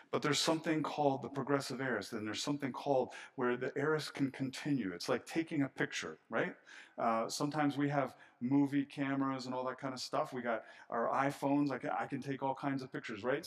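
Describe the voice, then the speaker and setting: A middle-aged man preaching a sermon as pastor, animated and swinging between hushed and loud passages. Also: medium pitch.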